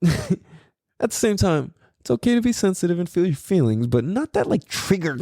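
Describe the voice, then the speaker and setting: A man's voice: on the low side, warm tone, no echo, clean studio sound. A man in his forties, hosting a podcast, telling a story in a casual, profane way and laughing often. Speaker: podcast host.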